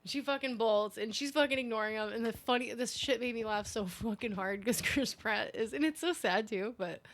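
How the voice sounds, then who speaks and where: Talkative female co-host, slightly high voice, blunt and profane. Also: moderate pace. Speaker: podcast co-host. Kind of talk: casual movie recap chat.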